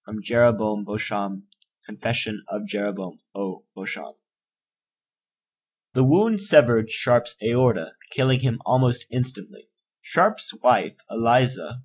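A man reading an encyclopedia article aloud in a measured, even narration. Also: medium pitch, slightly rough. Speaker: volunteer article reader. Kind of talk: steady read-aloud narration.

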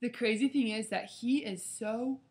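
Woman, youth Bible study leader; earnest devotional talk, slightly high voice with a gravelly edge. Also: a little slow, darkish tone. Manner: earnest, preaching, acts out quotes dramatically.

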